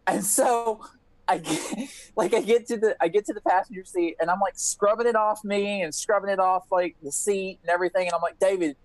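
A man's voice: high voice, fairly quick, no room sound, rough recording. A man telling a wild story on a casual podcast, swearing freely and acting out everyone's lines. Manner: animated, profane, acts out quotes. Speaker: podcast co-host.

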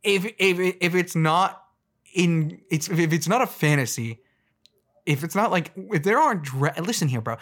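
A man ranting in a casual, comedic way, rambling and excitable with frequent stumbles and restarts. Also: on the high side, moderate pace.

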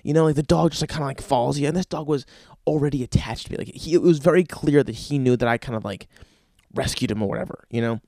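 A man's voice: mid-range voice, fast, dark tone, dry recording, clean studio sound. A young man telling a rambling, profane comic story about his own life. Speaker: comedian.

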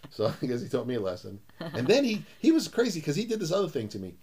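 A middle-aged man telling funny stories in a casual chat, acting out quoted lines in a higher voice and laughing often. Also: fast talker, breathy edge. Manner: animated, acts out quotes with raised pitch, laughs often.

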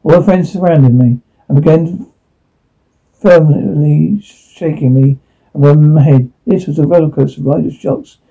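A man's voice: fairly high pitch, measured pace, gravelly, dark tone, husky. A man telling a rueful first-person story from his youth, self-deprecating in tone. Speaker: narrator. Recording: tinny phone-like line.

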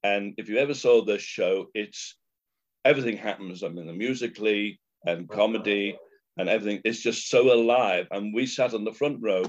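Guy telling a band story, lowish voice, dull lo-fi sound. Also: moderate pace. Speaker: guest. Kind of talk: anecdotal storytelling. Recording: dull lo-fi recording.

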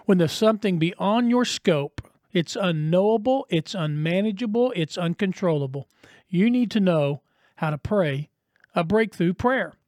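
A man's voice: sits high, lively intonation, unhurried, darkish tone, no room sound, clean studio sound. A man preaching a sermon as a pastor, earnest and conversational, posing rhetorical questions to his listeners.

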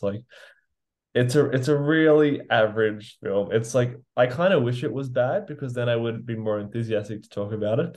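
A man's voice: on the low side, warm tone. A man co-hosting a casual movie podcast, easygoing and loose, filling his speech with "like" as he talks through his picks. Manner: easygoing, filler-heavy, says "like" constantly. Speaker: podcast co-host.

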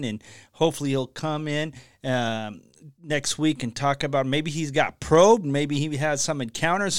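A man hosting a casual podcast chat, upbeat and rambling, giving enthusiastic shout-outs. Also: fairly high pitch, clear, resonant tone, no echo, clean studio sound. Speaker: podcast host.

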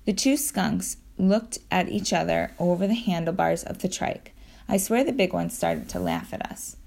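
A woman reading a children's adventure book aloud, telling it lively and acting out the sound effects. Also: on the low side, moderate pace, vocal fry. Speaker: audiobook narrator.

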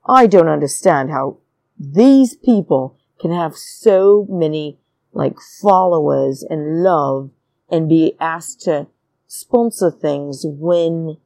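A woman's voice: on the low side, mellow, no echo. A woman hosting a podcast, giving blunt, scornful opinions on a reality show in an indignant rant. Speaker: podcast host.

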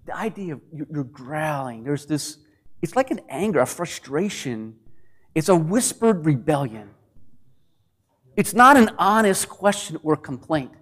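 A man preaching a sermon, animated, acting out grumbling voices and sometimes dropping to a near whisper. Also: a little high, unhurried. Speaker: pastor.

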